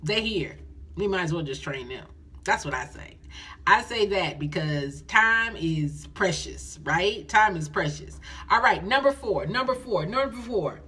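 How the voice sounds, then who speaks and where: A middle-aged woman coaching nonprofits on a phone live stream, lively and folksy, repeating phrases for emphasis. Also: fairly low pitch, a little slow, breathy edge.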